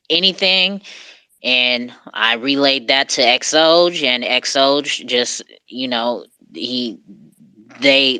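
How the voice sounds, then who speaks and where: A man's voice: fairly high pitch, bright, forceful tone, smooth, dry recording. A man hosting a live audio call, talking in an easygoing, slangy way with lots of fillers. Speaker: host.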